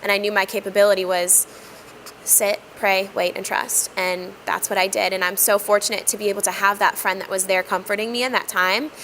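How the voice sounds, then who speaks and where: Bright-voiced woman telling a heartfelt story. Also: mid-range voice, little pitch movement, slight background noise, low-quality recording. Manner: earnest, reflective, with frequent pauses and "um". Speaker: guest sharing personal testimony.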